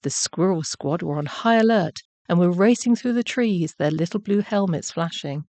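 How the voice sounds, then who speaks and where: A woman narrating a children's bedtime story in a gentle, measured way. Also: on the low side, no echo.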